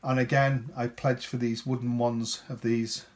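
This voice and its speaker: A man's voice: medium pitch, little pitch movement, a little slow. A man casually talking through a board game unboxing, chatty and rambling, often ending with tag questions.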